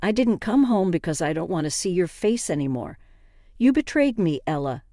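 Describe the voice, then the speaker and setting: A narrator voicing an angry, defensive husband who sounds accusing and indignant. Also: male voice, sits high, big pitch swings, normal speed, warm tone, no room sound, studio quality. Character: angry, defensive cheating husband, adult man.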